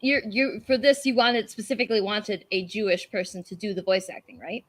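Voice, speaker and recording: A woman hosting a casual podcast chat, animated, swearing and tripping over her words. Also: medium pitch, brisk. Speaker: podcast host.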